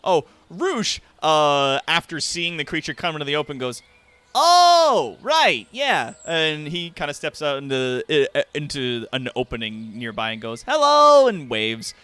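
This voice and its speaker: A man running a tabletop game as game master, narrating in an unhurried way, with lots of fillers and frequent laughter. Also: medium pitch, fairly even intonation, a bit bright, clear, resonant tone.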